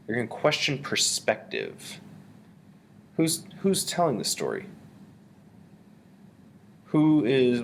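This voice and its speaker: Animated male teacher reading aloud. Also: on the low side, a little hiss or hum. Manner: animated, reads aloud with a rising expressive voice. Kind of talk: recorded reading lesson.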